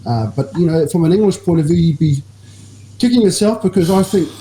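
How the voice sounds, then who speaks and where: Brief: mellow-voiced New Zealand man, measured rugby talk, echoey room with faint hiss. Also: on the high side. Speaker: rugby podcast co-host. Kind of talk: casual chat.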